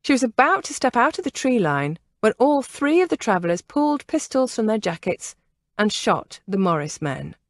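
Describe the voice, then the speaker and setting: A woman narrating a historical novel in a measured, expressive reading. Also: fairly high pitch, dry recording. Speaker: audiobook narrator. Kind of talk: scripted narration.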